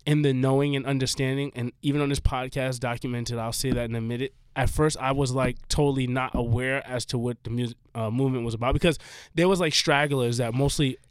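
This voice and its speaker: A man hosting a podcast in casual chat, rambling and emphatic with many restarts, his voice a little hoarse. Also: medium pitch, steady tone, brisk, hardly any pauses, dry recording. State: slightly hoarse. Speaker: podcast host.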